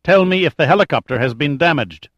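A man's voice: a little high, animated, fast, a bit bright, no echo, muffled recording, pitched above the performer's own voice. Man voicing a silky menacing villain. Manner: silky, controlled, threatening. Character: silky menacing male terrorist leader, adult.

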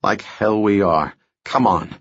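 A man's voice: on the low side, slow, breathy edge, lo-fi sound, pitched below the performer's own voice, exaggerated voice. A man playing a tough, resourceful man who speaks in clipped, determined orders. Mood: urgent.

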